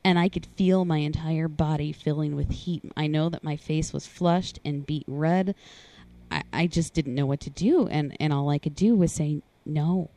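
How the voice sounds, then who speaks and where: A woman telling a hard personal story in a conversation, earnest and halting. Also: warm tone. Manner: earnest, halting, rises in pitch when voicing others. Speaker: guest sharing personal story.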